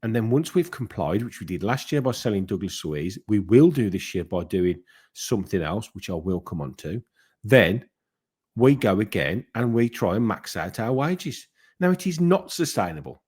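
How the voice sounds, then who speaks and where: On his football fan channel, a man shares opinions in a rambling, conversational monologue full of fillers and restarts. His fairly low voice is husky and darkish, very animated, and at normal speed.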